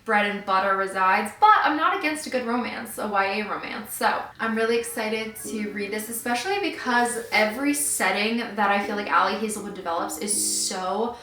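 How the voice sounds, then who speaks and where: A young adult woman vlogging her reactions to a book, gushing and excitable with lots of filler words. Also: mid-range voice, normal speed, few pauses, far from the mic, a little hiss or hum. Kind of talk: casual reading vlog reactions. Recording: roomy sound, mic set back.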